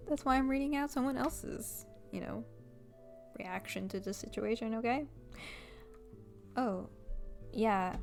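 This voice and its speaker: A young woman reads a visual novel aloud, breaking into excited squeals and giggles. Her voice has a gravelly, fried edge, and faint music plays underneath. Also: fairly high pitch, a little slow, long pauses. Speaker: gamer. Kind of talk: reading a visual novel aloud with live reactions.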